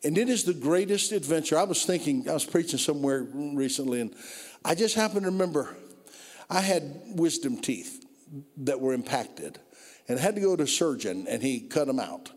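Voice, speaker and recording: A man preaching a sermon, telling stories and building from low, quiet passages to loud, drawn-out climaxes. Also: animated. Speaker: pastor. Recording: long reverb of a hall.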